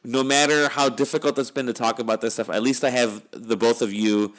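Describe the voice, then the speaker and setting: A steady, brisk, mid-range male voice belongs to a middle-aged podcast host signing off an episode. He rambles in a dry, worn-out way during this casual podcast talk.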